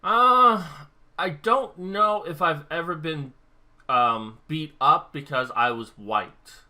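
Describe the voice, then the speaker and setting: A young man talks to his camera in a loose, rambling way, working out his thoughts as he goes. His tone is very bright and sharp, and it stays edgy from start to finish. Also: on the high side, slow. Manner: rambling, thinking aloud. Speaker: vlogger. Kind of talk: casual talk-to-camera monologue.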